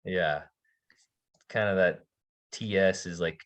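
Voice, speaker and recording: A man teaching a language class, relaxed, slowly demonstrating sounds with soft laughs. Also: sits low. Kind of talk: online language lesson.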